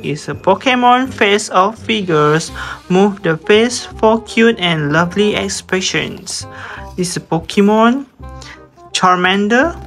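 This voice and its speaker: A woman chatting casually as she unboxes toys, reading the box text aloud and switching languages mid-sentence. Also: mid-range voice. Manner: chatty, switching between Malay and English. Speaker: unboxing vlogger.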